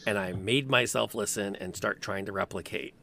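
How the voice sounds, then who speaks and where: A man's voice: on the low side, normal speed, creaky, sharp tone, a little hiss or hum. A man, a game master chatting casually on a podcast and wandering off on tangents. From American Midwest. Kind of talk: casual chat.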